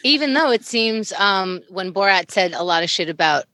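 A woman's voice: mid-range voice, expressive, moderate pace, sharp tone, no echo. A woman in casual chat who talks hesitantly, stopping and restarting her sentences. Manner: hesitant, lots of fillers and restarts.

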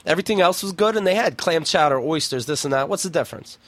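Male podcast co-host, slightly high voice, profane rambling storyteller, dry close-miked sound. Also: animated, quick pace, a bit bright, no echo. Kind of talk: casual crude banter.

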